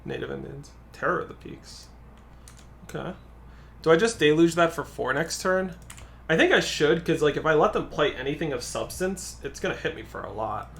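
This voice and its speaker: A man's voice: on the high side, animated, moderate pace, a bit bright. A man, a guest co-player, chatting casually and thinking aloud while commenting on a card game.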